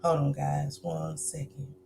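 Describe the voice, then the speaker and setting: A woman's voice: deep voice, level tone, unhurried, gravelly, darkish tone, slight background noise. A woman hosting a livestream, talking straight to her viewers in an emotional, preaching way. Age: adult with a grown son. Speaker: livestream host. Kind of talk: casual livestream commentary.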